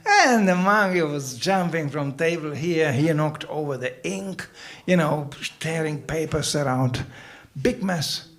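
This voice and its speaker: A man's voice: fairly high pitch, animated, unhurried, a bit bright. A man giving a festival sermon, telling stories animatedly with acted voices and teasing, humorous asides. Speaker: spiritual teacher.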